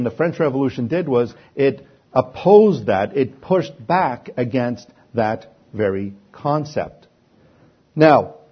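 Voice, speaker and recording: Male preacher, slightly husky, lecture-style sermon built on rhetorical questions, muffled lo-fi sound. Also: mid-range voice. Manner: asks rhetorical questions and answers them himself.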